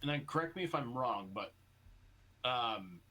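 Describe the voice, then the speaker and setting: Bright-voiced man rambling on a podcast. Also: medium pitch, animated. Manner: rambling, halting restarts, swears freely. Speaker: podcast co-host. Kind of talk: casual chat.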